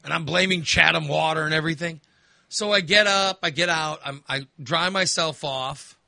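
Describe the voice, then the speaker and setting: Male talk host, sharp bright tone, crude and exasperated, dead-dry studio sound. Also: fairly high pitch, moderate pace, gravelly, no room sound. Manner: animated, crude, swearing, exasperated. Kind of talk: casual storytelling chat.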